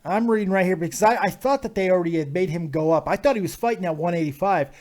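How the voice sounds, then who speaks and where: A man hosting a casual live talk show, talking excitably about fantasy hockey and fights and swearing freely. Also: sits high, fast talker. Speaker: host.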